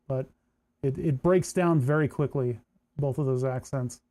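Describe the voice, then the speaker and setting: A man's voice: mid-range voice, unhurried, mellow. A man streaming his electronics build, chatting casually and muttering to himself as he works. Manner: muttering to himself while working. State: hand cramps. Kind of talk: casual workbench chat.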